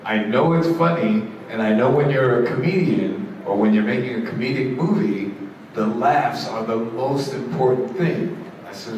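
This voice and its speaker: A man's voice: mid-range voice, normal speed, a little mellow. Long-winded man telling stories onstage. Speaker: interview guest, musician. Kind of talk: onstage storytelling interview. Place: conference stage before an audience. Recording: echoey hall, distant mic, crowd and noise.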